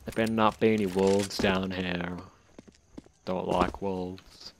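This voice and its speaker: A young Australian man joking and swearing through casual gameplay commentary, with sudden loud outbursts. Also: low voice, little pitch movement, slow pace. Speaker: gaming channel host. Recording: loud game gunfire and noise behind.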